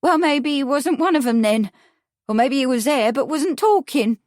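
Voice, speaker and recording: A woman's voice: expressive, normal speed, no echo, clean studio sound. A woman voicing a grudging working-class London witness in an audiobook. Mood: confused. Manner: grudging, ungrammatical, high and loud.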